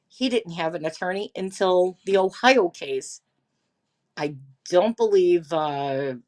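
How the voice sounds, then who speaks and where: A woman streamer chatting casually with her viewers, animated and drawn-out, reading documents aloud. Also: lowish voice. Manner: animated, drawn-out, talks to chat. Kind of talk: casual livestream chat.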